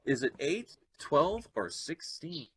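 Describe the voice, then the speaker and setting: A man's voice: a little high, sing-song, slow, slight background noise. A man hosting a game show, upbeat and chatty.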